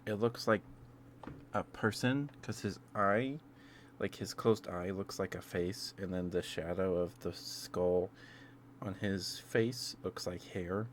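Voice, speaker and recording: A man's voice: sits low, takes it slowly, a little hiss or hum. A man streaming ASMR, chatting casually in a rambling, self-interrupting way with chuckles between thoughts.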